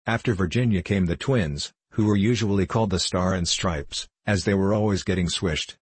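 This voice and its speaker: A man narrates a classic tale in a measured, even storytelling manner. His voice sits low and a little breathy. The recording is dry and close, with no room sound. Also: no echo. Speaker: audiobook narrator. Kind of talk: scripted narration.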